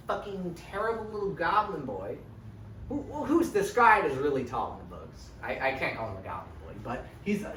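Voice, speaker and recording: A man's voice: a little high, a bit bright. Chatty young man, roomy and far off. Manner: chatty, profane, keeps tagging "right?". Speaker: lecturer recapping a book series. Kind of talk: casual, rambling spoken recap. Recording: roomy, distant from the mic, faint hiss.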